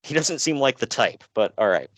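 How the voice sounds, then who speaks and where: Lively man chatting casually. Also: mid-range voice, brisk, no room sound. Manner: animated, laughing, sighing, fillers. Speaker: podcast co-host. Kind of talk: casual chat.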